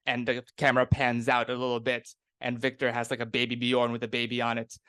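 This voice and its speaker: A man narrating a tabletop game as game master, in a relaxed, rambling manner. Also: mid-range voice, brisk, clear, resonant tone, dry recording. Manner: relaxed and rambling, with many fillers.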